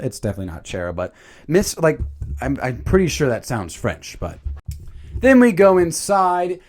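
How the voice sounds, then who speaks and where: A man casually rambling through a cartoon movie review, animated, with filler words and mild swearing. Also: on the high side, normal speed. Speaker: channel host.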